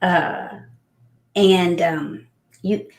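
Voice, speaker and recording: A middle-aged woman chatting as a guest business coach, telling animated stories and acting out quotes. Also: extremely slow, vocal fry. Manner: animated storyteller, acts out quotes in high voices. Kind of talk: casual chat. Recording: echoey room.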